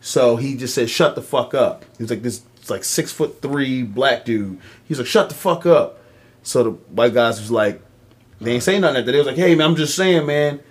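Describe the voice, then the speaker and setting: A man's voice: mid-range voice, moderate pace, breathy edge. A young man, telling a long story on a casual podcast, with many ums and acted-out voices for the people in it. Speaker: podcast co-host.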